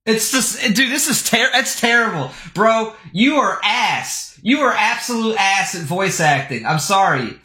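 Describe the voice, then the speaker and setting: A young male streamer with a bright, high-ish voice reacts scornfully, swears freely and swings his pitch all over. The room gives his voice a noticeable echo. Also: lively intonation, a little slow, hardly any pauses. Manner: scornful, swearing, breaks into laughter. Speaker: streamer reacting to posts and videos. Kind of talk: casual crude reaction commentary. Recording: roomy echo.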